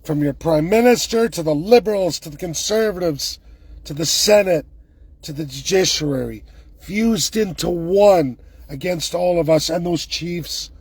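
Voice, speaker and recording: Husky man delivering an angry rant. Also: fairly high pitch, a little slow, a little mellow, no echo. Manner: heated, emphatic, sarcastic. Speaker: political commentator.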